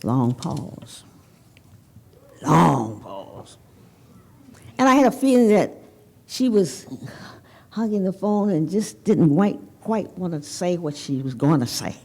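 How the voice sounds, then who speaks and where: Lively older woman telling her story. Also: medium pitch, moderate pace. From Evanston, Illinois. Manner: candid, animated storyteller, talks straight to the audience. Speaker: commencement speaker. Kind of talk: personal storytelling speech. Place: banquet hall ceremony.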